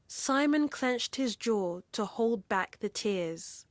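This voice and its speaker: A woman narrating a storybook in an expressive, unhurried way, recorded close and dry. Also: fairly high pitch, no room sound.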